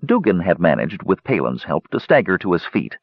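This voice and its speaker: Male fantasy audiobook narrator, low and husky, lively delivery, dull dry audio. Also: a little fast, no room sound. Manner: expressive storytelling.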